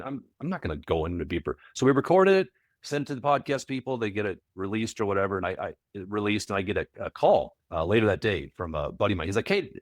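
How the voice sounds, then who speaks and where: A man who coaches property managers, a podcast guest telling stories in a casual interview, animated and often repeating words as he restarts. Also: on the low side, no room sound, studio quality. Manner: animated, repeats words, acts out quoted voices.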